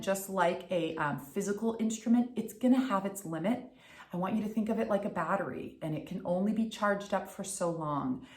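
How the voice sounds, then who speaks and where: Upbeat woman voice coach, echoey room. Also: mid-range voice. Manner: upbeat, crisply enunciated. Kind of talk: instructional tutorial.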